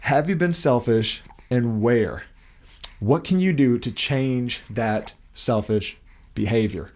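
A man's voice: mid-range voice, takes it slowly, a little mellow. A man giving a casual devotional talk to other men, asking many rhetorical questions in a loose, conversational way while holding his young son at home. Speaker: Christian men's podcast host and father.

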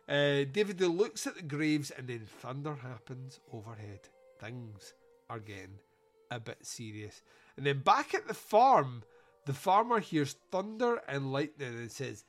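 A man's voice: a little high, expressive, a little slow, fairly bright tone, faint music behind. A man hosting a podcast, giving a sweary, jokey movie review and laughing at his own lines. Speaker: podcast host. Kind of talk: casual comedic movie review.

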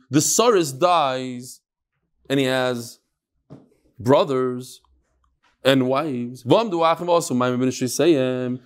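A man teaching a Talmud class in a study hall, explaining in English and mixing in Hebrew and Aramaic terms. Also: takes it slowly. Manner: animated, with sudden swings up and down in pitch.

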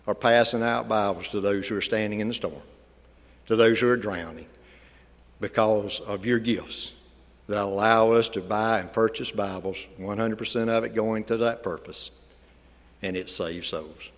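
A man speaking to a church congregation as a visiting ministry speaker, telling a folksy story and then making an earnest appeal. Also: fairly low pitch. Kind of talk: sermon with storytelling. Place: church sanctuary. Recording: reverberant church hall.

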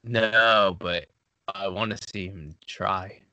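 A man's voice: sits low, steady tone, takes it slowly, sharp tone, smooth, dry recording, lo-fi sound. A man co-hosting a podcast in loose, jokey conversation, often laughing and tripping over repeated words. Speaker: podcast co-host. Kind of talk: casual comedic chat.

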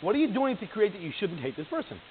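Animated man teaching over a phone line. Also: high voice, quick pace. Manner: animated, acts out quoted voices, laughs often. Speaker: Torah class teacher. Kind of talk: informal Torah class to a live group. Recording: tinny phone-line sound with faint hiss.

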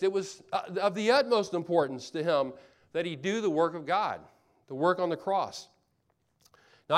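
A man preaching a sermon as pastor, earnest, asking rhetorical questions and repeating phrases for emphasis. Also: high voice.

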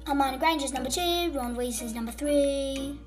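A child voices a gleeful, scatterbrained witch villain full of boasts, speaking at normal speed in a high-pitched, lightly acted way. The fan role-play video has background music.

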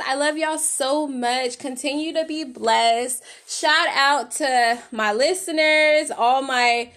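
A woman hosting her own faith podcast, talking casually to her listeners with a playful put-on country drawl, lots of y'all and laughter. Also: on the high side. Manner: chatty, laughing, loosely rambling; ends in a soft spoken prayer. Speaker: podcast host. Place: at her workplace.

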